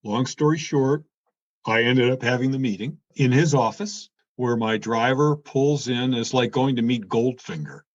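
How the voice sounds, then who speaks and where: In an interview captured with dull lo-fi sound, a retired car executive recounts an anecdote at an ordinary pace. His medium-pitched voice turns animated as he performs the lines of dialogue he quotes.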